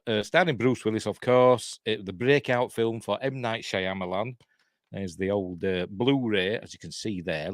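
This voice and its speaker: A man's voice: medium pitch, fairly bright tone, no room sound, studio quality. A man with a Yorkshire accent hosting a casual livestream, rambling and self-deprecating as he chats to viewers from home. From Yorkshire, England. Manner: chatty, rambling, self-deprecating, reads chat aloud. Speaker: host.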